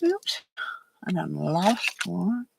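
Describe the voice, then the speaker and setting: An older woman telling a personal story in a halting, rambling way, with many pauses, while she works on a craft project. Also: on the low side, heavy background noise.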